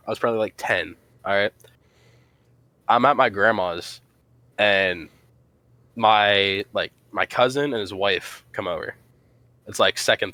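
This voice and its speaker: A young man co-hosting a podcast, telling a crude story in animated casual chat. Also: on the low side, dry recording. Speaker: podcast co-host.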